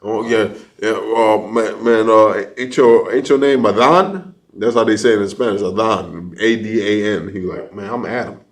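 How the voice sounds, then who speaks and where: A man with a low voice teaches an online class in a preaching style. He talks emphatically, climbing to loud, animated peaks before dropping back down. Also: unhurried, few pauses. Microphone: online class setup.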